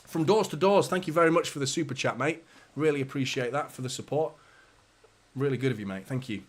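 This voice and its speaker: A man talks through a live match for his fan channel in a loose, chatty way. He banters with his viewers and swears lightly in an easy, everyday voice of middling pitch. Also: fairly quick. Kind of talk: live match watchalong commentary.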